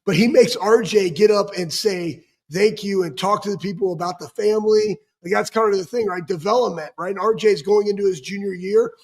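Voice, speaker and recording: A male co-host with a fairly high voice chats with enthusiasm. He often affirms what is said and adds his own memories in a casual, upbeat way. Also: a little fast, hardly any pauses, a little mellow. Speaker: show co-host. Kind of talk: casual chat.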